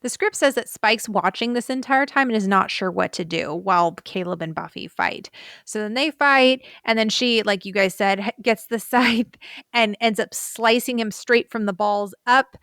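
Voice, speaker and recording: A woman's voice: medium pitch, moderate pace, fairly bright tone, smooth, no echo, clean studio sound. A woman co-hosting a podcast, chatting casually and animatedly retelling scenes with lots of fillers. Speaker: podcast co-host.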